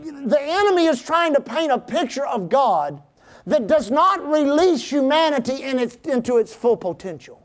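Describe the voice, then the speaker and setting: A middle-aged man preaching a sermon, calling out to the congregation, reading scripture aloud and at times breaking into shouts. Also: extremely high pitch, big pitch swings, normal speed. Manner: preaching with call-and-response to the congregation; reads scripture aloud in old-fashioned wording. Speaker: pastor.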